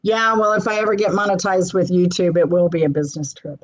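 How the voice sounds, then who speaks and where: A woman with a Midwestern American accent hosting a casual live-stream chat, talkative and quick to laugh. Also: on the low side, little pitch movement, rough recording. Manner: chatty, laughs often. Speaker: host.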